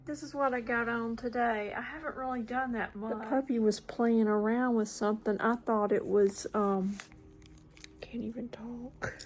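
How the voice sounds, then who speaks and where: A woman's voice: fairly high pitch, fairly even intonation, moderate pace, hardly any pauses, low-quality recording. A woman chatting casually to camera at home, rambling, trailing off and slipping into whispered asides. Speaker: vlogger. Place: at home in front of a mirror.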